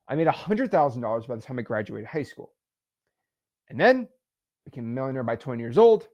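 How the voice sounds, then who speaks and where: A man in his twenties, a real estate wholesaling educator, talking emphatically and repeating himself as he pitches directly to the camera. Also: warm tone. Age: 20s. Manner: emphatic, repetitive, fast-talking, self-assured.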